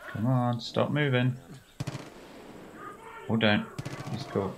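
A man's voice: medium pitch, steady tone, slow, gravelly, noisy background. A man giving casual, sarcastic, joking commentary while playing a video game. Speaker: gamer.

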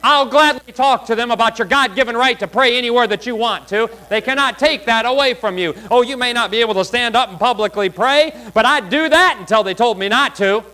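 A preacher with a high, bright, ringing voice. He drives his points hard, then suddenly drops to a hush for asides before climbing again. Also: a little fast, hardly any pauses, rough recording. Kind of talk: sermon.

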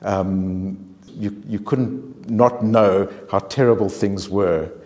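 A man, an author speaking as a guest on a discussion panel, answering in a halting way full of repeated words and restarts. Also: lowish voice, fairly even intonation, darkish tone. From South Africa.

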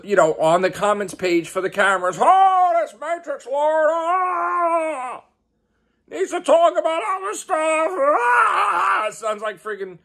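Exasperated high-voiced man ranting. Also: fairly bright tone. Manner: exasperated and profane, repeating questions. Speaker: YouTuber and podcast host. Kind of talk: angry ranting vlog.

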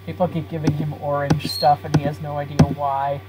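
A woman's voice: sits low, flat delivery, brisk, hardly any pauses, music in the background, low-quality recording. A woman live-streaming a life-simulation game, chatting casually with her viewers and laughing often. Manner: giggly, chatty, talks to chat.

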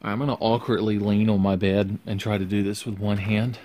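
A man's voice: lowish voice, flat delivery, fairly quick, mellow, a little hiss or hum. A man casually vlogging from his bedroom while unboxing, sarcastic and profane, rambling to the camera balanced on his face.

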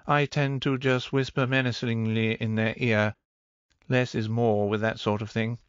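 A man voicing a cool, bored, quietly menacing dominatrix woman who speaks in flat, clipped lines, in a dull, dry audiobook recording. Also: mid-range voice, measured pace, clear, resonant tone, dry recording, lightly acted.

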